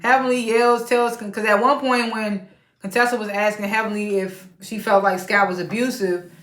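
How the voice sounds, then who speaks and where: A woman's voice: medium pitch, steady tone, moderate pace, a bit bright. Chatty woman recapping reality TV. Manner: chatty, laughs often while retelling scenes. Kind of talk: casual episode recap. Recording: roomy echo.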